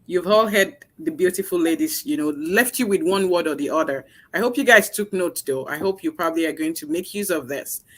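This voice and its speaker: A woman's voice: deep voice, brisk, hardly any pauses. A woman hosting a group talk, upbeat, passing the floor to speakers and summing up. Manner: upbeat, hands over the floor, sums up. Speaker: host.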